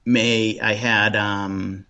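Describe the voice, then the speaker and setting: A man from Boston with a Boston accent, chatting as a guest in a relaxed interview, rambling with lots of restarts and ums. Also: fairly low pitch, extremely slow, clean tone, highs cut off. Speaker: paranormal investigator guest. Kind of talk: casual interview chat.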